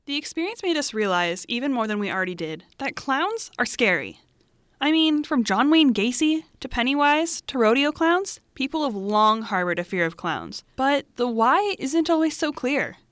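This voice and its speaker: A woman's voice: sits high, sing-song, moderate pace, fairly bright tone, no room sound, clean studio sound. A young woman hosting a student podcast, reading a script with wry asides to the listener. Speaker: student podcast host and reporter.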